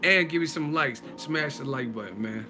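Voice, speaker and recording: A man hosting a live-stream boxing chat, talking casually and excitedly, laughing often and swearing freely. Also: mid-range voice, normal speed, over music. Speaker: boxing channel host.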